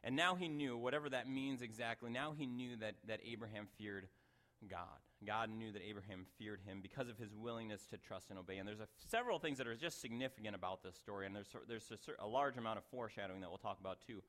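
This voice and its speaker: A sermon comes from a middle-aged male pastor whose voice is on the low side and a bit bright. He speaks quickly and conversationally, interrupting himself for asides and laughing at them.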